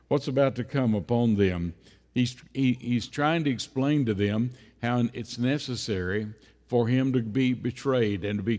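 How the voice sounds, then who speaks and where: A man preaching a sermon in a church, unhurried, repeating phrases and often pausing on "uh". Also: medium pitch, darkish tone. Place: church sanctuary. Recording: long church-hall reverb.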